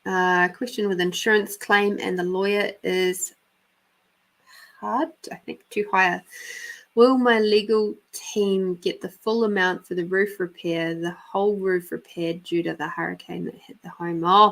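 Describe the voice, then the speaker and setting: A woman's voice: lowish voice, steady tone, a little slow, gravelly. An Australian woman hosting a live intuitive reading show, telling stories in a chatty way with frequent laughter and a casual swear now and then. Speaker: host and intuitive reader. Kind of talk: live psychic reading and storytelling.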